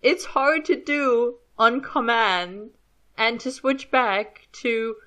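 German-accented woman, 30s, bright clear tone, chatty self-mocking commentary. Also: a little high, takes it slowly. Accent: light German. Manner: chatty, self-deprecating, rambling with restarts. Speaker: fan audio reader. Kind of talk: casual spoken commentary.

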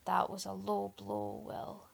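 A woman voicing a proud, quick-tempered young man pleading urgently in a story reading. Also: medium pitch, monotone, creaky, heavily acted. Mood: cold.

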